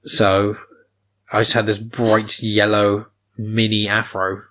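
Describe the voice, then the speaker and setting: A young man with a somewhat low voice hosts a casual podcast chat. He gives his views bluntly and swears easily. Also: completely flat delivery, takes it slowly, fairly bright tone. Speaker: podcast host.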